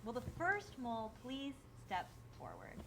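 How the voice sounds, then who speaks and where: A woman's voice: a little high, wildly swooping pitch, a little slow, heavy background noise. A woman hosting a reality game show, making scripted announcements. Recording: loud music under voice.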